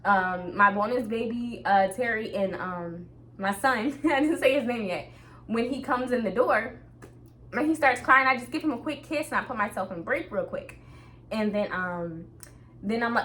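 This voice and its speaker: A woman's voice: on the high side, normal speed, fairly bright tone. A young adult woman talking casually to her viewers in an upbeat, motivational way, often laughing. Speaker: vlogger. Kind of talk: casual talk to camera.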